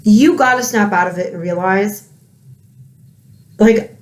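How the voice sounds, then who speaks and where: A woman's voice: medium pitch, takes it slowly, darkish tone. A woman with children, ranting angrily in a heated commentary, swearing often. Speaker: political commentary vlogger.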